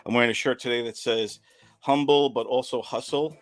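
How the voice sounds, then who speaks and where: A man in his fifties from Long Island, a guest on a video call, relaxed and hesitant, with many ums. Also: mid-range voice, a little fast, dry recording. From Long Island, New York. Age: 50s. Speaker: guest, podcast host and video editor. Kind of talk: casual video call chat.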